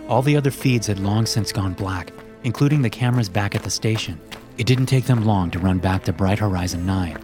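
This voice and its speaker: Low-voiced man narrating horror. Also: a little fast. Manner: steady storytelling delivery. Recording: loud background music.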